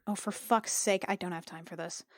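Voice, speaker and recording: A woman's voice: lowish voice, fairly even intonation, a little fast, dry recording, clean studio sound. A woman playing in a tabletop game, blunt and impatient, swearing as she questions a captive. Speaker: player. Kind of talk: casual tabletop play.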